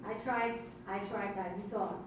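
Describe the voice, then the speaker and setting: A woman's voice: mid-range voice, fairly even intonation, normal speed, noisy background. A woman, emceeing stand-up comedy in a club with wry, teasing crowd work. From Brooklyn, New York. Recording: echoey club audio from far off.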